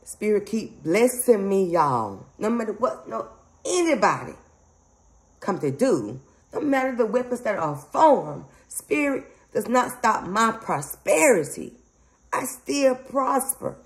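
A woman's voice: medium pitch, very animated, slow pace, rough recording. A woman, rambling emphatically to her viewers in a casual spiritual vlog. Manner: rambling, emphatic, frequent laughs, addresses viewers as y'all. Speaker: psychic medium channel host.

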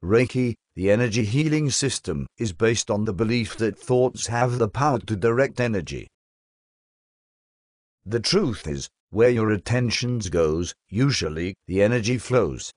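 A man giving a scripted narration, reading in a slow, measured, soothing way. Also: on the low side, expressive, no echo, studio quality.

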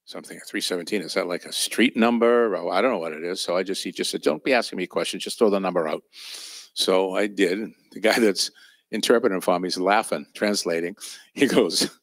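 A man with a low voice speaks briskly, teaching at a church training session by telling personal ministry stories in a chatty, anecdotal storytelling-sermon style, complete with fillers and chuckles. It's studio-quality audio without room sound.

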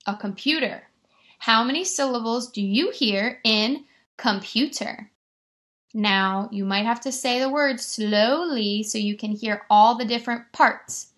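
A woman teacher giving a remote lesson to young children, stretching words out slowly and encouraging them. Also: a little high, fairly bright tone. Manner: slow, exaggerated word-stretching, encouraging.

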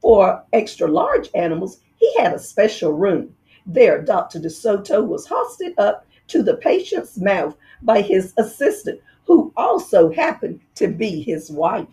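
Woman storyteller for a kids' read-aloud: slow, expressive, lots of pitch movement. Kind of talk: children's book read-aloud.

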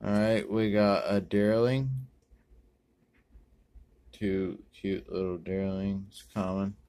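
A man rambling through a pack opening, correcting himself and using many ums and uhs, with sudden bursts of excitement. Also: low-pitched, slow, clear, resonant tone. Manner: bursts of excitement over good pulls. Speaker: card-opening video host. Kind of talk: casual pack-opening commentary.

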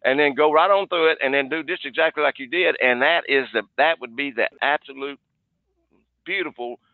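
A man's voice: fairly high pitch, brisk, no echo. A man coaching salespeople on a video call in a folksy way, often repeating "okay". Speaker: sales trainer. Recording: dry, tinny phone-like line.

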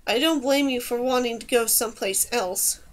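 Storybook warrior woman, stern and blunt, read by a woman narrator; dry, higher voice. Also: moderate pace, natural voice.

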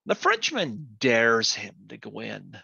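Slow, bright-voiced male podcast host. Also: medium pitch, huge pitch swings, gravelly, breathy edge, no room sound, lo-fi sound. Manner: unhurried storyteller, laughs at his own jokes. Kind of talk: casual chat, telling jokes.

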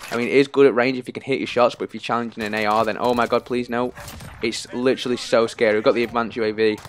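A man giving live gameplay commentary, excitable and anxious, often pleading under pressure. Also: medium pitch, quick pace. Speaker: gaming YouTuber.

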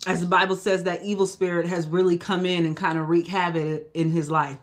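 A Bible study teacher leading a live church lesson, with a voice sitting at an ordinary middle pitch. The delivery is relaxed and conversational. The teacher keeps checking in with the group and sometimes backs up to rephrase a thought. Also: fairly quick. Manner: conversational, often asks "you know?"; restarts and self-corrections.

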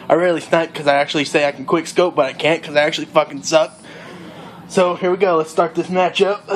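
A cocky young party bro brags his way through a game in lazy, drawling slang, played by a young man. The voice sits a little high for a guy, and a faint hiss of noise runs under it. It plays as a comedic character monologue. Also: natural voice.

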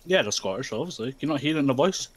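A man chatting with a friend while playing a game, excitable and animated. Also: mid-range voice, racing, slight background noise. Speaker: gamer. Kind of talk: casual chat while gaming.

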